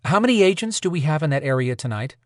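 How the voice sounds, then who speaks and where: A man's voice: on the high side, animated, fast, no echo, clean studio sound, close to an everyday voice. A man reading an audiobook voices a determined woman supernatural warrior, blunt and impatient. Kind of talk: audiobook character voice.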